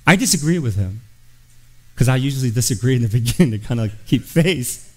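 A man's voice: medium pitch, expressive, fairly quick, low-quality recording. A middle-aged man preaching as a guest pastor, telling a personal story in an earnest, confessional way and acting out the voices of the people in it. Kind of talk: storytelling sermon.

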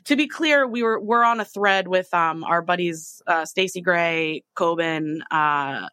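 A woman hosting a podcast, chatting casually and gushing, with quick asides. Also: lowish voice, bright, forceful tone, clear, resonant tone. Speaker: podcast host. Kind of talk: casual chat.

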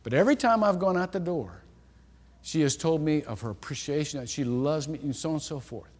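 A middle-aged man preaching a sermon, telling stories with lively acted-out dialogue. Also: a little high, a little fast. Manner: animated storytelling, acts out quoted dialogue. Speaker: pastor. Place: church sanctuary. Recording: long hall reverb.

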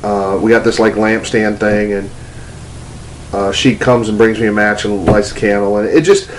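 A man's voice: fairly low pitch, steady tone, moderate pace, slight background noise, low-quality recording. A man giving a teaching talk, telling a personal story in a loose, conversational way with restarts and fillers. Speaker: preacher, ministry teacher. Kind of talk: testimony-style teaching talk.

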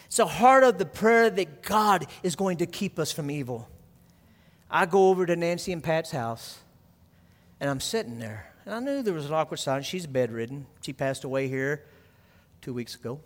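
A man preaching a sermon as pastor, telling a story quietly and then building to loud, fervent preaching. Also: on the high side, expressive, moderate pace, long reverb tail.

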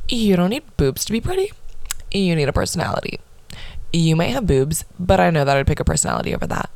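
A woman's voice: on the low side, big pitch swings, fairly quick, vocal fry, long pauses, a little mellow, no echo. Sassy, profane young woman. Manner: sassy, profane, laughing at her own past. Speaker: podcast host. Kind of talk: casual chat, reading old posts aloud.

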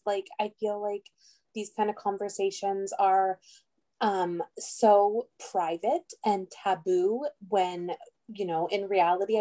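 A woman's voice: mid-range voice, mellow. A woman as a podcast guest in casual chat, laughing often and using "um" and "literally" a lot.

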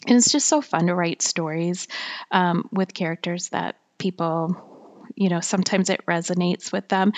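A woman's voice: lowish voice, moderate pace. A woman writer talking alone on her podcast in a rambling, chatty way, with a slightly whiny voice, many fillers and frequent laughter. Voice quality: self-described whiny voice. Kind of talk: casual solo monologue.

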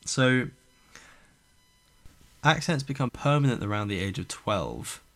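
A man's voice: medium pitch, expressive, unhurried, a bit bright. A man hosting a podcast, rambling and swearing in casual chat. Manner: rambling, swearing, many restarts. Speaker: podcast host.

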